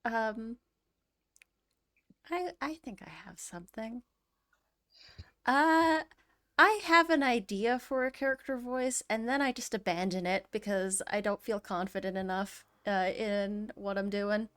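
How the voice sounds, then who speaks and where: Shy-ish woman on a stream, bit high, stumbles a lot, dead dry sound. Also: a little slow, a bit bright, smooth, dry recording. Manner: hesitant, self-deprecating, with stumbles. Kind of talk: casual stream chat.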